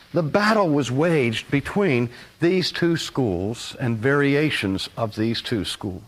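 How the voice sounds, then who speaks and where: An older man giving a recorded lecture, animated and fond of acting out his examples in voices. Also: a little high. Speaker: teacher.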